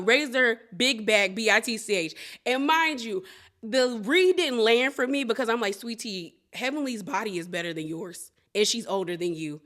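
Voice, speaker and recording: A woman hosting a casual reality TV recap, talking animatedly and acting out what the cast members said. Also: fairly high pitch. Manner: animated, laughing, quotes cast members in playful voices.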